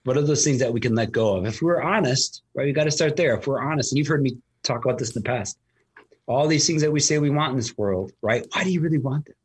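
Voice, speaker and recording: A man's voice: medium pitch, quick pace, husky. A man talking casually as a host, telling a long story with lots of fillers and restarts. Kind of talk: casual conversation.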